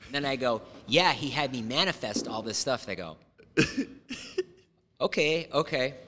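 A man's voice: mid-range voice, very animated, a little slow, in a large hall, noisy background. A man in his forties hosting a podcast in a studio, telling rambling stories and laughing often. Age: 40s. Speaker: podcast host. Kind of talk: casual chat.

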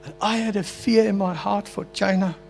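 An older man preaches a personal testimony with earnest, heartfelt emotion. His voice sits somewhat high for a man. Faint music plays softly behind him in a meeting hall. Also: steady tone, moderate pace, gravelly. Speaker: pastor.

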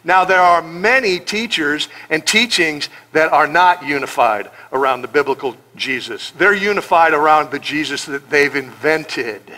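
High, bright-voiced man preaching. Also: measured pace, hardly any pauses. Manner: animated, joking, acts out quoted voices. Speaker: pastor. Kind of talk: sermon.

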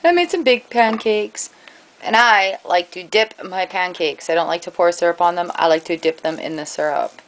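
A woman's voice: lowish voice, fairly even intonation, a little fast, hardly any pauses, fairly bright tone, slight background noise, poor audio. A woman chatting casually in a home vlog, playful, switching to baby talk with her dog. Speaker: vlogger. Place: garden outdoors.

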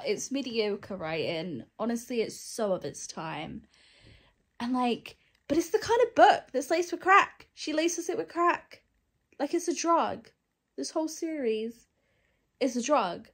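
A young woman in a casual book vlog, candid and sarcastic, laughing often. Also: on the high side. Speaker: book vlogger. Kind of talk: casual reading vlog chat.

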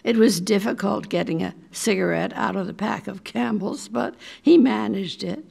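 An older woman reading a short story aloud in a measured, deliberate way. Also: medium pitch, gravelly, darkish tone, breathy edge. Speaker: resident reader.

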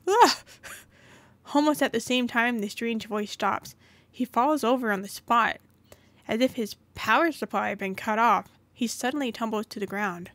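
A woman's voice: fairly high pitch, moderate pace, fairly bright tone, no room sound. A woman hosting a gaming channel, reading a story game's narration aloud with occasional asides.

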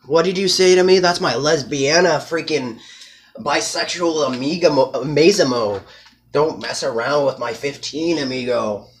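A man voicing a swaggering young street tough, loud and confrontational with slangy taunts. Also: fairly high pitch, normal speed, lightly acted. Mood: taunting.

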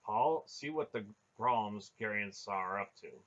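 A man voicing a calm, knowing old man who speaks matter-of-factly, on a dull lo-fi recording. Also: fairly low pitch, slow.

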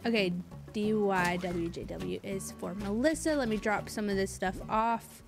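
A woman's voice: medium pitch, normal speed, vocal fry, over music. A young woman streaming a game live, chatting in a rambling, bubbly way with lots of fillers and thanking viewers as they comment.

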